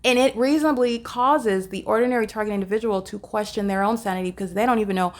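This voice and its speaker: Earnest woman talking to her phone camera. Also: mid-range voice. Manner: earnest and insistent, halting with many fillers and restarts. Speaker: vlogger filming and commenting. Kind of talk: unscripted monologue to camera. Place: hotel room, indoors.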